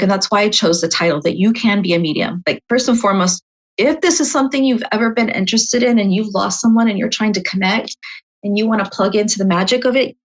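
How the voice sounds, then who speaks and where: A middle-aged woman, a guest on an interview show, telling a personal story in a lively, chatty way with frequent asides to the listener. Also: mid-range voice, poor audio. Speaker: psychic medium guest.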